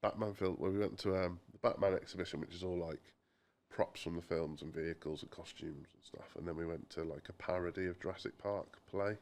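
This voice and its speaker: Low-pitched and a little mellow, the young co-host talks fairly quickly with few pauses and fairly even intonation. On this casual podcast he's a chatty storyteller who quotes others in put-on voices and swears mildly.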